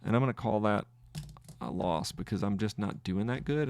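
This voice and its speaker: A man hosting a trading podcast, thinking aloud through his trades in live commentary, halting and restarting as he counts wins and losses. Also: fairly low pitch, creaky, darkish tone.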